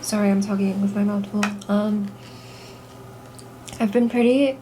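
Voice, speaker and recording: Tired, soft-spoken woman vlogging at home. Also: mid-range voice, measured pace, background noise. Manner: soft-spoken, relaxed, chatty with fillers. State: tired, slightly rough voice. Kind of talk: casual vlog talk. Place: home, indoors.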